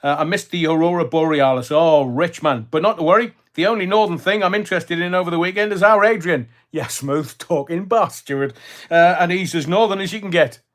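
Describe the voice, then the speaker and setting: With a high, fairly bright voice and a slightly fast pace, an older man from Scotland rambles through a casual livestream chat. He reads viewer comments, joking around and using lots of fillers.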